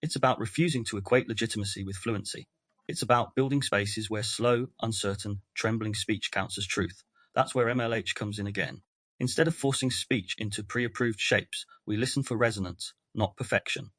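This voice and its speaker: A man hosting a podcast, reading a scripted, reflective essay in a measured way with deliberate pauses. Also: on the low side, fairly bright tone, no echo. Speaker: podcast host. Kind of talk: scripted narration.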